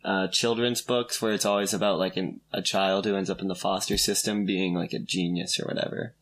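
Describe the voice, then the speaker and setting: A man co-hosting a casual podcast, recapping an episode in a relaxed way with many fillers and laughs. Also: low voice, a little fast. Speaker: podcast co-host.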